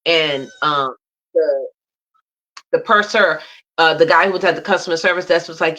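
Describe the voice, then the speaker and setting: A woman's voice: low voice, moderate pace, pauses often, bright, forceful tone, dull audio. A woman from the USA, a guest mentor giving faith-based motivational advice in a preachy way that builds through repeated lists.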